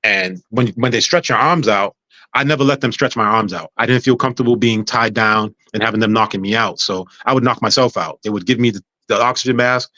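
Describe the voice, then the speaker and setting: Fast-talking man telling a story. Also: lowish voice, dry recording, highs cut off. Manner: animated, acts out other people's words. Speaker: podcast guest. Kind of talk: casual storytelling.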